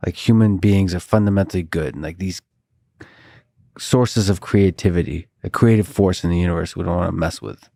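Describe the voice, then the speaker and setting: Very deep-voiced man, dry close sound. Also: normal speed, vocal fry, warm tone, dry recording. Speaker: podcast host. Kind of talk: casual conversation.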